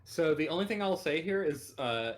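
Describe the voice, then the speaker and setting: A man's voice: a little high, animated, normal speed. A man co-hosting a game let's play, giving helpful tips and joking about his own slips. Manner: helpful, self-deprecating, lots of fillers. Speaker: co-host guiding the player. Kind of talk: casual gameplay commentary.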